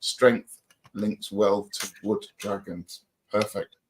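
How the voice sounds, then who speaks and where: A man's voice: lowish voice, little pitch movement, slow pace, a little hiss or hum. A middle-aged man co-hosting a livestream, chatting casually and reading out viewer comments in an upbeat, friendly way. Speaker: livestream co-host.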